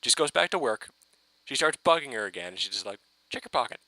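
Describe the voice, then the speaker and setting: A man ranting excitedly in a casual fan review, rambling and swearing with many restarts. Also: mid-range voice, fast, rough recording.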